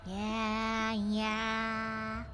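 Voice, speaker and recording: A woman's voice: fairly high pitch, completely flat delivery, extremely slow, bright, forceful tone, faint music behind. A woman VTuber streaming a game, chattering to herself in a giggly, rambling way and swearing freely. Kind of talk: casual gaming livestream chatter.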